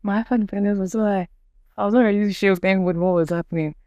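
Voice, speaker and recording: A young woman with a Nigerian accent tells her own story as a podcast guest, earnest and vivid, slipping into the voices of the people she quotes. Her voice sits at a middle pitch and sounds close and dry, with no room around it. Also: fairly even intonation, rapid-fire, a little mellow, no room sound. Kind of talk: personal testimony in conversation.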